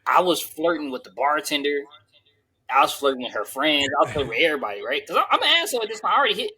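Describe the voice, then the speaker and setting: A man's voice: fairly high pitch, very animated, very fast, bright, forceful tone, rough recording. A man co-hosting a podcast in casual chat, boasting and telling crude stories. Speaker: podcast co-host.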